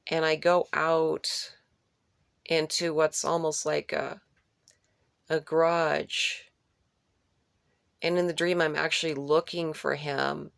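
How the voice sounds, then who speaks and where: Low, gravelly woman for an unscripted dream-retelling vlog; rambling delivery that repeats key phrases, dry close sound. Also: level tone, slow pace, pauses often, dry recording. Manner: rambling, with restarts and searching for words. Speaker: vlogger recounting a dream.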